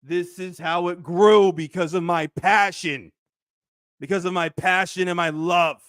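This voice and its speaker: A man hosting a sports fan show, ranting and shouting in heated commentary, then dropping into low grumbles. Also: fairly even intonation, unhurried, smooth, no echo, studio quality.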